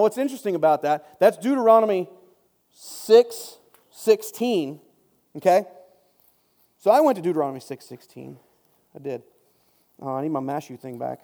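A man with a high-sitting, gravelly, mellow voice leads a casual Bible study, chatty and joking and frequently wandering into asides. The recording has long reverb.

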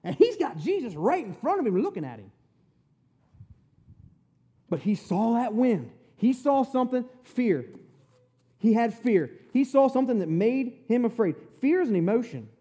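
A man's voice: extremely high pitch, sing-song, normal speed, long pauses, dark tone, husky. A man preaching a conversational sermon, retelling scripture in plain, folksy, emphatic words.

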